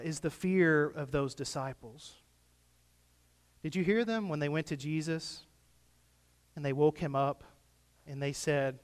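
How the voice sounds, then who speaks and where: A man preaching a sermon in a casual, conversational way, rising at times into impassioned pleas. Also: on the high side. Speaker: pastor. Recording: long hall reverb.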